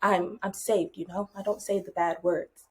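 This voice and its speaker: A woman who teaches high school, co-hosting a podcast and telling classroom stories in casual chat, expressive and lively. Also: normal speed, breathy edge.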